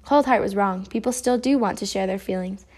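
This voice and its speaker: A woman reading a children's storybook aloud, expressive narration. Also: mid-range voice, brisk. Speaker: storybook reader.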